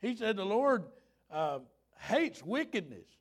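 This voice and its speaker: A man in his fifties preaching a fervent, folksy revival sermon, rising at times to shouts. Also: high-pitched, sing-song, takes it slowly.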